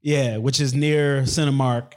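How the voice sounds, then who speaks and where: A man's voice: medium pitch, fairly even intonation, measured pace. A man who is a guest on a podcast, telling a dating story casually in a loose, slangy way with many restarts.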